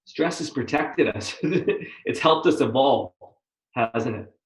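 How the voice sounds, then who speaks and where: A man hosts a relaxed interview in an echoey room, his middle-pitched voice carrying a fair bit of reflection. He speaks earnestly, rising with energy at points and restarting phrases as he goes. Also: slow pace. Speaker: host. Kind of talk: conversational interview.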